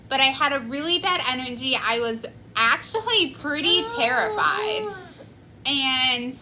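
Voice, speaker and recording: Woman in her 20s, casual storyteller, slow unhurried delivery. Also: sits high, pushed and bright, a little hiss or hum, low-quality recording. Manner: chatty, many "like" fillers. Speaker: vlogger.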